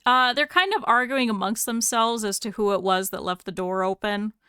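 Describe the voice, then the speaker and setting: A woman game master narrates a tabletop game in a bright, crisp voice that sits close and dry. She rambles and pauses to search for words, with lots of fillers. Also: medium pitch, dry recording.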